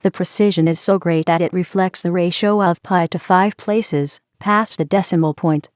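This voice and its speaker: A talkative woman from the next table explains things at length in a steady, lecturing way, and her voice sits low. A woman reads her part. It sounds dry and close. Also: normal speed, dry recording, lightly acted. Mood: explaining.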